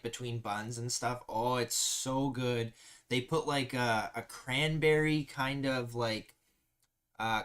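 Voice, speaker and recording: A man's voice: medium pitch, fairly bright tone, clean tone. A man hosting a casual live stream, chatting easily and reading viewer comments aloud with frequent laughs. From Canada.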